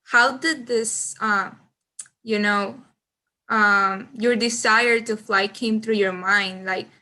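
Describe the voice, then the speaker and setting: A woman's voice: mid-range voice, steady tone, slow, pushed and bright. A woman asking an interview question hesitantly, with many fillers.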